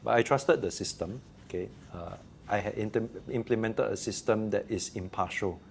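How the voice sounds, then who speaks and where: Animated Singaporean male teacher. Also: lowish voice, normal speed, vocal fry, a little hiss or hum. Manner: animated storyteller, acts out quotes. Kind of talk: casual interview answer.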